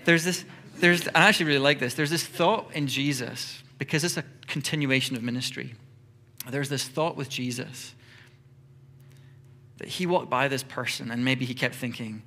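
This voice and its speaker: A middle-aged man preaching a sermon in a church, lively, acting out short everyday dialogues in quick voices. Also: medium pitch, a little hiss or hum. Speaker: pastor.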